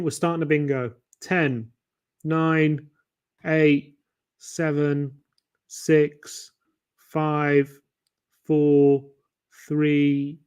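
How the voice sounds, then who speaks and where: A man's voice: a little high, clear, resonant tone. A man hosting a fan livestream, chatting casually and muttering his guesses to himself as he plays a quiz. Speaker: fan channel host. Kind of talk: casual livestream chat while playing a quiz.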